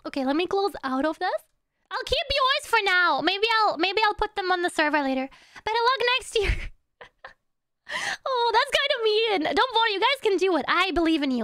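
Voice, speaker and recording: A woman's voice: very high-pitched, animated, normal speed, pushed and bright, dry recording, clean studio sound. A woman live-streaming in casual chat, greeting and thanking viewers one by one and humming little nonsense syllables between sentences.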